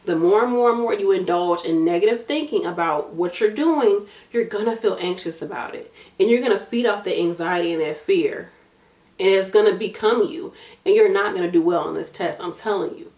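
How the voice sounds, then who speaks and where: Fairly quick and mid-range, with a darkish tone in a roomy space, this nursing YouTuber's voice sounds tired as she gives study advice. Her vlog style is casual and blunt, with "y'all," "gonna," and repetition to underline her points.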